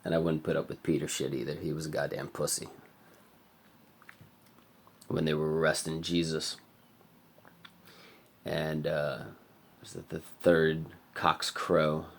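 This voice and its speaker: A man giving a rambling, halting confessional monologue for his vlog, heavy on filler words, who sometimes drops to a murmur. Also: very deep voice, flat delivery. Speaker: vlogger.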